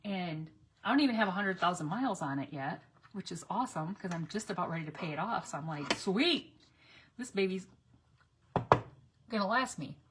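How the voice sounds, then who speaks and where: A woman's voice: fairly low pitch, lively intonation, quick pace, background noise. A middle-aged woman rambling through stories in a casual craft vlog, chatty and laughing between asides.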